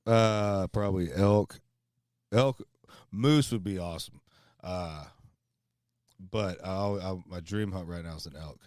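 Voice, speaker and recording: A man with a low, deep voice telling a rambling story in easygoing chat, animated and loose. The sound is dry and close. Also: slow pace, pauses often, no echo. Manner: rambling and animated, peppered with "bro" and "dude". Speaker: podcast co-host. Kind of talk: casual storytelling. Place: outdoors by a fire.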